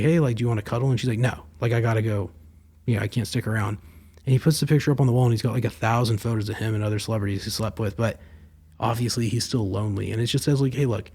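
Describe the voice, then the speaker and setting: A man's voice: medium pitch, dark tone, slightly rough. A young man hosting his own podcast, talking casually and rambling with lots of fillers and swearing. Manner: rambling, profane, filler-heavy. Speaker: podcast host. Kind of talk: casual solo commentary.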